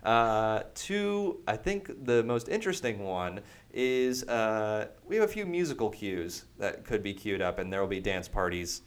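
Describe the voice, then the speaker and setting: A man's voice: fairly low pitch, lively intonation, measured pace, few pauses, smooth. Upbeat man hosting a gaming podcast. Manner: upbeat, promotional, rambling with many fillers. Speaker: podcast host. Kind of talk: casual podcast chat.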